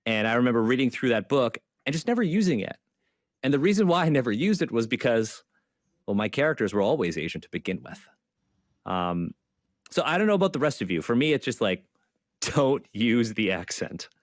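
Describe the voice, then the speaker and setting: A man's voice: mid-range voice, sing-song, fast talker, no echo, clean studio sound. A man speaking earnestly as a panelist in an online panel discussion, repeating his key points with frequent fillers. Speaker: panelist and zine creator.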